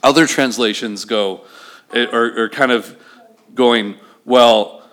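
A male pastor preaching a sermon, animated, acting out scenes and asking the congregation questions. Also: medium pitch, a little slow.

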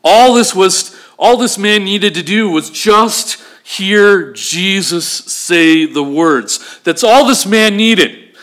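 A male pastor preaching a sermon, animated, acting out scenes and asking the congregation questions. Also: sits high, takes it slowly.

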